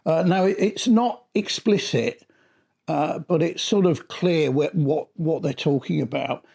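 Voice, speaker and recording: A middle-aged man talks through an album in a casual, rambling review, often doubling back on his words. His voice sits a little high and has a gravelly, creaky edge. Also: measured pace, darkish tone. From Britain. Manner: chatty and rambling, often restarting his sentences.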